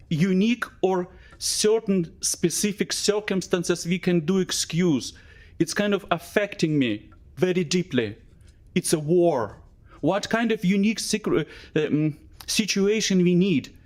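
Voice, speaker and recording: A man speaks at a council hearing in a slightly high voice, making an emotional appeal into a desk microphone. His English is non-native in phrasing, and he halts often with fillers as he pushes through his case. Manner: emotional, halting, with many fillers. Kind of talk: public presentation. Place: council chamber.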